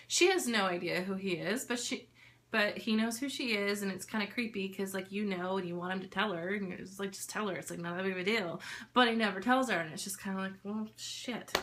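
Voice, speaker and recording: A woman's voice: a little high, bright, forceful tone, a little hiss or hum. A young woman vlogger giving a casual, candid book review, talking in a chatty way with lots of fillers.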